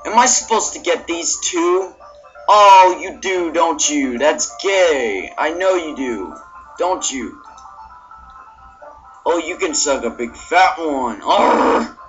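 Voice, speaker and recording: Young male let's-player, animated swings in pitch, loud frustrated outbursts; muffled cheap recording. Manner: excitable, yelling and fake crying at the game. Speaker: gameplay video maker. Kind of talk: frustrated let's-play commentary. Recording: dull lo-fi mic with game music.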